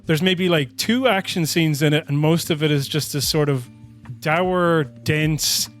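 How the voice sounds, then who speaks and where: Faint music sits behind this man's unhurried, somewhat bright, fairly high voice. Co-hosting a podcast, he chats loosely about a film, interrupting himself, starting over repeatedly and breaking into frequent laughter.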